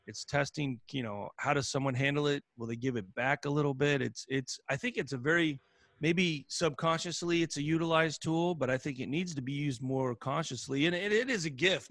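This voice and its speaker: A man in his forties, a veteran hosting a casual chat, laughing often and asking quick rhetorical questions. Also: on the high side, a bit bright, dry recording, clean studio sound.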